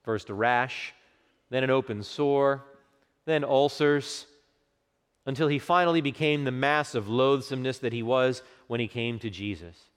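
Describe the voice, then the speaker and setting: A man preaching a sermon with passion, dropping to a hush for quoted words and rising for emphasis. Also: mid-range voice, a little slow, clear, resonant tone. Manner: impassioned preaching, hushed quotes, swelling emphasis. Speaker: pastor. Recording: long hall reverb.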